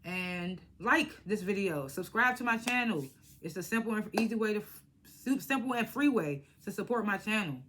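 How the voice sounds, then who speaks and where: A young woman vlogging a casual reality TV recap, animated and slangy, laughing as she acts out what the cast said. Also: medium pitch, moderate pace, slight background noise. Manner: animated, laughing, slangy retelling with acted-out quotes. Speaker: reality TV reviewer.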